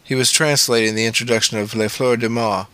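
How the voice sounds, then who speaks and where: A man's voice: medium pitch, fairly even intonation, brisk, sharp tone, no room sound. A man narrating a memoir audiobook in a plain, matter-of-fact way.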